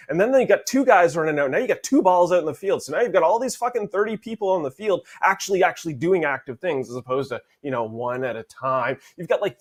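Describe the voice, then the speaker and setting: Profane, ranting man, slightly high voice. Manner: profane, animated rant. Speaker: debater. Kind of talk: casual comedic debate.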